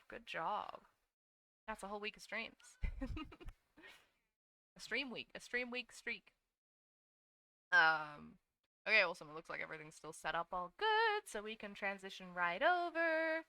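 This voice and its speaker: A woman's voice: mid-range voice, animated, measured pace, long pauses, bright, forceful tone, clean tone, no room sound. A young woman streaming as a VTuber, chatting casually and sleepily with her viewers while she draws, swearing now and then. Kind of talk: casual live-stream chat while drawing.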